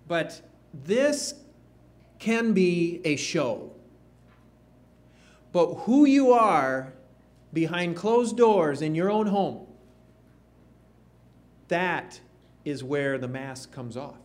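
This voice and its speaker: A man preaching a sermon, slow and emphatic, with rising questions to the congregation. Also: on the high side, very animated.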